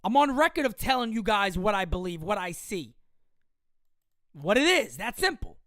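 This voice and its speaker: A woman's voice: mid-range voice, big pitch swings, normal speed, no echo, studio quality. A woman in her thirties hosting a sports livestream, ranting heatedly with profanity and repeating her points for emphasis. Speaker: livestream host. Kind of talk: sports fan rant on a livestream.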